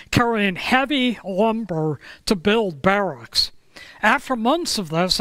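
Guy preaching a sermon, real slow and measured, pauses a lot, dry mic. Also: high-pitched, fairly bright tone, no room sound. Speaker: pastor. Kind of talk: sermon storytelling.

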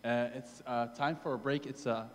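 A man's voice: mid-range voice, steady tone, moderate pace, big-room sound, a little hiss or hum. A man organizing the event thanks the speaker and announces a break, hesitantly.

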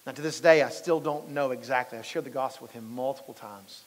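Talking quickly at a medium pitch, a male pastor preaches in an informal style, telling stories and inviting answers from the congregation. The large church sanctuary leaves a long reverb on his voice.

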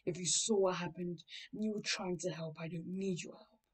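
A woman's voice: lowish voice, fairly even intonation, normal speed, breathy edge, recorded from a distance. A woman storyteller voicing an angry, rude boy ninja who talks in a curt, dismissive way. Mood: hostile.

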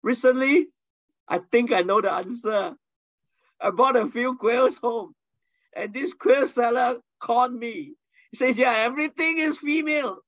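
A man's voice: very high voice, unhurried, pauses often, no echo, muffled recording. A man teaching a Bible lesson as a pastor, telling stories with energy and asking the listeners questions. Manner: animated storyteller, asks the listeners questions. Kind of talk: sermon teaching.

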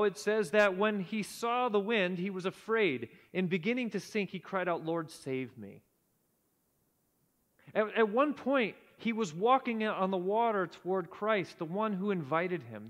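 A man preaching a sermon in earnest tones, often dropping to a hushed low voice for emphasis. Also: long reverb tail. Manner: earnest, drops to a hushed low voice at key points. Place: church sanctuary.

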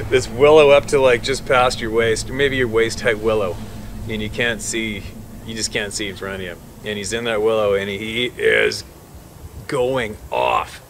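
A man who works as a hunting guide tells a tense story in a vivid, excitable way, laughing often between phrases and swearing casually. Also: lowish voice, slight background noise. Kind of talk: animated storytelling. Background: music.

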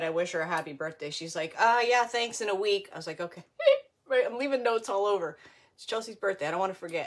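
A woman's voice: mid-range voice, a bit bright. A woman in her fifties hosting a casual live craft tutorial, rambling, laughing at herself and greeting viewers by name between steps. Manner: self-deprecating, laughs often. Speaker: crafting livestream host.

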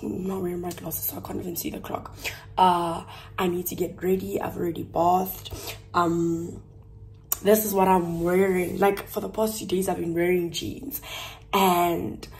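A young woman from South Africa chatting casually to her phone camera at home while getting ready, her voice hoarse and half gone, rambling and correcting herself with little laughs. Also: lowish voice. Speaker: YouTuber vlogging. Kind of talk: casual vlog chat to camera. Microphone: phone on a tripod.

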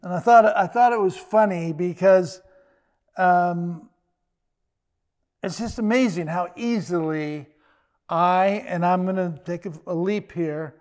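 Older guy preaching, kinda high voice, chatty and jokey, trips over words a bit. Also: darkish tone. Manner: conversational, joking asides with quick restarts. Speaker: pastor. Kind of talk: sermon.

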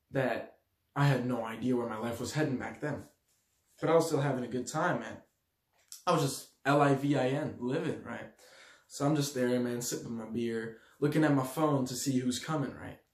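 A young man from Switzerland telling a story to his audience in a slangy, animated way, acting out the quotes loudly. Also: mid-range voice. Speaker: vlogger. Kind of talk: storytelling to camera. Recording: echoey room.

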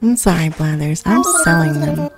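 A woman's voice: deep voice, lively intonation, normal speed, vocal fry, loud music behind the voice. A woman hosting her own channel, chatting casually and giggling while she plays a video game. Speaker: gaming channel host.

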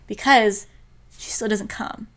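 A young woman co-hosting a casual podcast, retelling an anime episode in an animated way and saying "like" a lot. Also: mid-range voice, slow pace. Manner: animated storyteller, heavy use of "like", acts out quotes. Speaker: podcast co-host.

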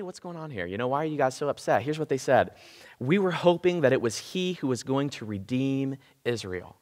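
A man's voice: medium pitch, a bit bright, long reverb tail. A man preaching a sermon as pastor, impassioned and emphatic, repeating key phrases. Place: church sanctuary.

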